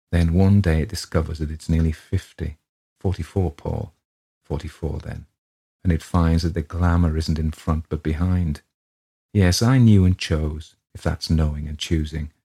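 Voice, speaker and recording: A man's voice: extremely low pitch, gravelly, mellow, breathy edge, exaggerated voice. A man voicing a weary, petulant writer of forty-four who complains about his work.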